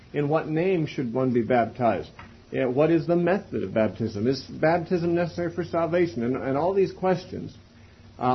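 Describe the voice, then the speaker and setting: A man teaching a Bible class in a methodical way, spelling out words and pausing often. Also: mid-range voice, breathy edge. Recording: dull lo-fi recording.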